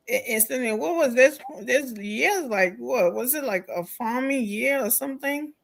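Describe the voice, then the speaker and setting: A woman co-hosting a casual talk show, chatty and quick with interjections. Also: fairly high pitch, lively intonation, gravelly, low-quality recording.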